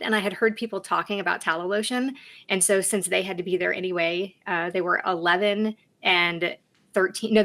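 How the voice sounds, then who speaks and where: A woman's voice: medium pitch, creaky, fairly bright tone. A woman entrepreneur, a guest on a talk show, earnestly explaining her business. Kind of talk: interview explanation.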